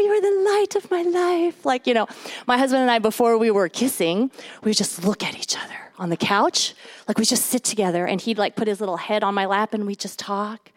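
Lady speaker chatting to a room of moms, bit high voice, lots of okays and likes. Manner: chatty and animated, many asides like "okay" and "like". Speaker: author and guest speaker. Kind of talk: live talk to a moms' group. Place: event before a live audience.

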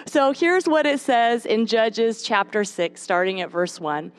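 A young adult woman leads a devotional Bible lesson for mothers. She reads scripture and talks in an expressive, playful way, with lots of rise and fall in her voice. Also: medium pitch, normal speed, hardly any pauses. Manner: lively, expressive, playful asides. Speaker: speaker at a mothers' Bible study.

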